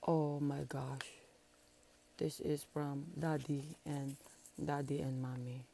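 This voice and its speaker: A woman's voice: rumbling low, flat delivery, takes it slowly, gravelly, warm tone, slight background noise. A woman vlogger chatting casually while unboxing gifts, gushing and emotional, laughing often. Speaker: channel founder.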